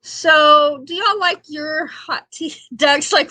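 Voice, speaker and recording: Woman, livestream host, homey and chatty, bright tone, dry close sound. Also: sits high, slow pace, dry recording. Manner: chatty and homey, laughs often, many fillers. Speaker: livestream talk show host. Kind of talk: casual chat reading viewer comments.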